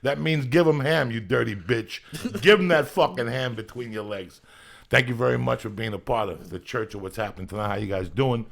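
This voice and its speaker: A man's voice: medium pitch, fairly quick, gravelly. A man in his fifties hosting a podcast, chatting casually in a boisterous, profane way. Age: 50s. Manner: boisterous, swears constantly, loud hype shouting. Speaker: podcast host. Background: rock music playing.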